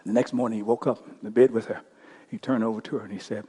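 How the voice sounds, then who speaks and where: A male pastor telling a story during a sermon, impassioned, swinging between loud bursts and hushed passages. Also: on the low side, steady tone, quick pace, breathy edge.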